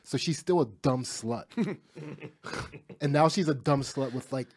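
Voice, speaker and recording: A man co-hosting a crude comedy podcast, cracking dry, deadpan jokes. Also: medium pitch, a little slow, breathy edge. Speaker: podcast co-host.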